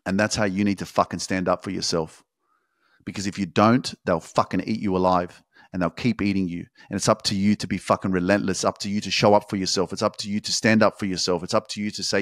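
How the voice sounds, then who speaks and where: A man, a motivational coach delivering a forceful, profane, repetitive pep talk. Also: deep voice, fairly even intonation, a little fast, no echo, clean studio sound. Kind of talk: motivational monologue.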